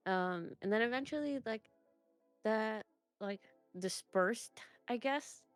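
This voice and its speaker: A woman's voice: on the high side, slow, smooth, no room sound, faint music behind. A young woman chatting as an interview guest, rambling with lots of fillers and restarts. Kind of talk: casual chat.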